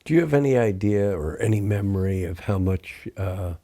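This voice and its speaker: A man's voice: fairly low pitch, lively intonation, moderate pace, warm tone. A man hosting an interview, giving short prompts and reactions. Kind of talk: conversational interview.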